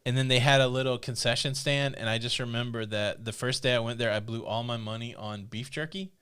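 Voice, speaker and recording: A man's voice: medium pitch, fairly even intonation, a little fast, fairly bright tone, clear, resonant tone. A man co-hosting a casual live stream, joking around, teasing and reading out viewer comments. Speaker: livestream co-host. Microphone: desk podcast mic.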